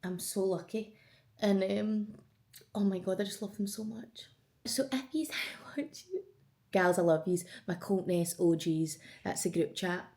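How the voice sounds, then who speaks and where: A woman's voice: medium pitch, level tone, normal speed, vocal fry, warm tone. A Scottish woman in her twenties, chatting casually and emotionally as a vlogger, swearing freely. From Scotland. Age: 20s. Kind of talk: casual get-to-know-me chat.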